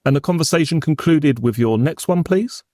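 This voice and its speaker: Male prosecutor for a courtroom reenactment: formal, probing, lively pitch, dry close sound. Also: normal speed, dry recording. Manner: formal, probing, pointed questions. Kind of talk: courtroom cross-examination reenactment.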